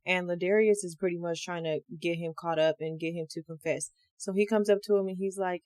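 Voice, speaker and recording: A woman hosting a true crime podcast, telling the story in a casual, slangy, animated way and acting out the quotes. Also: fairly low pitch, a little fast, hardly any pauses, dry recording. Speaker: podcast host.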